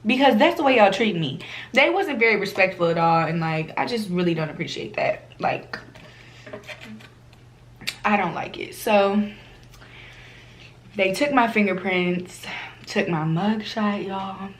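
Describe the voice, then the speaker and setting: Young woman vlogger, lively and slangy storyteller, mid-range voice. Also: mid-range voice, measured pace, long pauses, slight background noise. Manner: animated, slangy, acts out quoted voices. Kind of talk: casual storytime chat.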